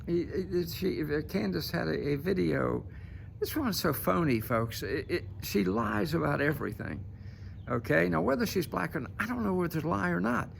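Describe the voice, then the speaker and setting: A man's voice: a little high, animated, moderate pace, creaky, a little hiss or hum. A man giving casual political commentary to camera, emphatic and repeatedly tagging his points with "okay?".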